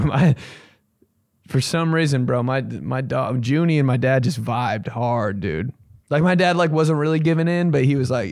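Young male comic host, fry in the voice, dry studio sound, swears a lot and acts out the bits. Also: expressive, normal speed, darkish tone, dry recording. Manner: profane, rambling, acts out voices with big pitch jumps. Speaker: comedian podcast host. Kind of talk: casual comedic storytelling.

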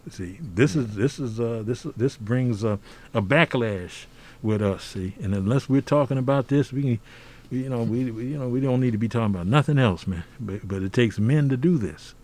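A man's voice: medium pitch, expressive, normal speed, darkish tone. Emphatic older man, preacherly cadence. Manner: emphatic, preacherly, frequent "see?" asides. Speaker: podcast guest. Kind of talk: conversational interview.

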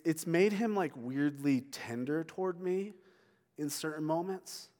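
A middle-aged man preaching a sermon as pastor, telling a personal story with halting restarts and sounding tearful. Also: mid-range voice. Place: church sanctuary. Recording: long hall reverb.

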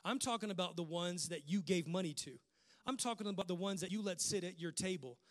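A man's voice: high-pitched, brisk. A male pastor preaching a sermon with impassioned, rhythmic repetition.

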